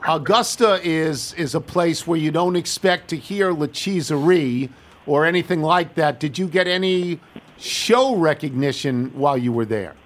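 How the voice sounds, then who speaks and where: Higher-voiced male radio host. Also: normal speed. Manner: conversational, leads the talk. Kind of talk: casual radio chat.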